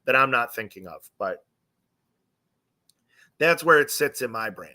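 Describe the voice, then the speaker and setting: A man's voice: medium pitch, lively intonation, a little slow, pushed and bright. A young man hosting a live stream, telling a rambling, profane, self-mocking story and acting out the voices of the people in it. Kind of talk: casual storytelling.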